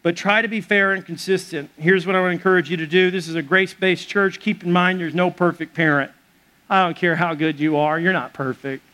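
A man's voice: high voice, steady tone, a little fast, bright, forceful tone. A man preaching a sermon as pastor of a church, conversational and joking with the congregation.

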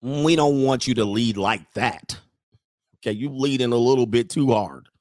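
A man's voice: mid-range voice, normal speed, darkish tone, no room sound, clean studio sound, close to an everyday voice. A man putting on a mocking voice of an indignant woman who scolds him for leading too harshly. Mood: scolding.

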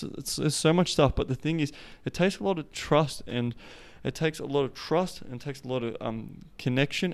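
Smooth-voiced man, flat and laid-back. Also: mid-range voice. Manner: profane, loose, full of "like" and "the thing is". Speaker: podcast host. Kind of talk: casual podcast monologue.

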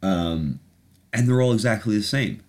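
A man's voice: on the low side, expressive, normal speed, darkish tone. A man hosting a podcast in casual chat, rambling, sarcastic and profane. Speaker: podcast host.

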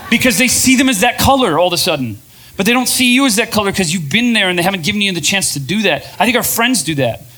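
A man hosting a podcast and speaking to a live audience in an energetic, conversational way, often asking the crowd questions. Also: high-pitched, quick pace. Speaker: podcast host and speaker, former pastor. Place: event venue with a live audience.

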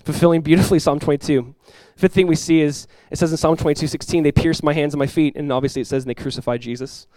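A man preaching a sermon as pastor, emphatic, rising and swelling when he quotes scripture, with quick conversational asides. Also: on the high side, steady tone, a little mellow, no room sound.

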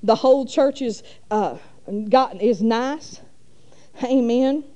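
Middle-aged woman, warm mellow tone, folksy rambling church testimony. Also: a little high, slow pace, lo-fi sound. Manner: folksy rambling with many fillers. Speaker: church speaker. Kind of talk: testimony storytelling.

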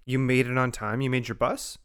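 Smooth-voiced man reacting emphatically. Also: mid-range voice, level tone, a little fast, fairly bright tone. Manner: reacts with emphatic exclamations, swears casually. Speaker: podcast co-host. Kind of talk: casual chat.

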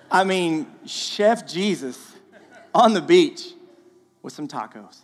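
A man giving a guest sermon in a church, animated and conversational with playful asides. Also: high voice. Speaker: guest speaker. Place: church sanctuary. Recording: long church hall reverb, faint music.

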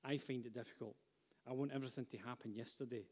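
A man's voice: medium pitch, fairly even intonation, fast. A man preaching a sermon, speaking fervently and building to emphatic repetition. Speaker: pastor. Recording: long hall reverb.

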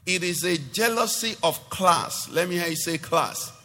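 A man's voice: high-pitched, animated, measured pace, bright, forceful tone, in a large hall, soft background music. A man preaching a sermon to a congregation, asking questions and rising into emphatic declarations.

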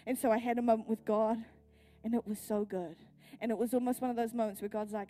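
A woman's voice: fairly high pitch, steady tone, fast, hardly any pauses, mellow, soft background music. A woman pastor with a New Zealand accent, pregnant, preaching a sermon at a church service with earnest personal storytelling.

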